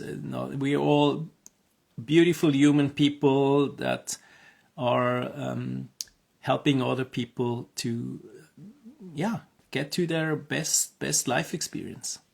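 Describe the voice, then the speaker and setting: Man, mid-pitched voice, creaky, casual promotional monologue, hesitant, encouraging. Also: a little mellow. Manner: hesitant, many fillers and restarts; earnest, encouraging. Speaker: health coach.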